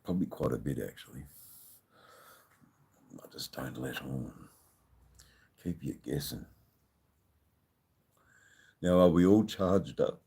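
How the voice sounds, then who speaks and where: Very deep, husky Australian man. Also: lively intonation, takes it slowly, pauses often, mellow. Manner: rambling, swears freely, many "you know"s. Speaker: live-stream host. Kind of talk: casual live-stream chat with viewers.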